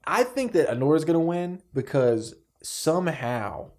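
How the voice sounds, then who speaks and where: A man's voice: on the high side, big pitch swings, measured pace, darkish tone. A young man co-hosting a podcast, chatting in an enthusiastic, slangy way and calling people "dude" and "man.". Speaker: podcast co-host. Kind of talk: casual chat.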